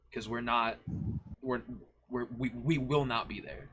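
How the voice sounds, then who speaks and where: A man chatting casually on a live stream about writing his band's lyrics, halting and restarting often. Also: medium pitch, fairly even intonation, fairly bright tone, husky. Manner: halting, full of restarts and fillers. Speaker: band member, lyricist.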